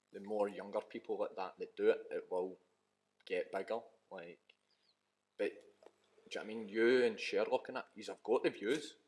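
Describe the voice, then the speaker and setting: A Scottish man hosting a podcast, asking relaxed, leading questions in casual chat. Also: on the low side, low-quality recording. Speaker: podcast host.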